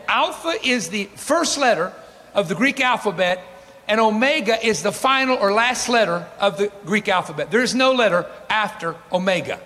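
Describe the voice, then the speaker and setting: A man preaching a lively sermon to a congregation, laughing between points and slowing right down to read scripture. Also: high-pitched. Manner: animated, laughing asides, dramatic slow reading of scripture. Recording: long hall reverb.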